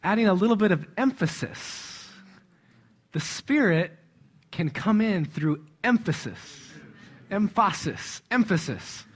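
A man's voice: high-pitched, expressive, measured pace, breathy edge. A man preaching in a conversational way, stressing words with emphasis and chuckling often. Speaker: church speaker. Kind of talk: conversational sermon.

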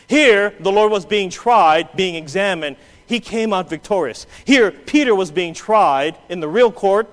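A man preaching a sermon, swinging between loud quoted outbursts and low, quiet asides. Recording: long hall reverb.

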